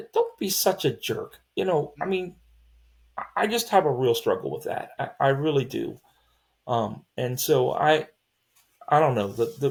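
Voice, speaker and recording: Sports podcast host, casual chat, rambling, many restarts, opinionated, middle pitch. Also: a little mellow. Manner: rambling, with frequent restarts and fillers; opinionated and exasperated.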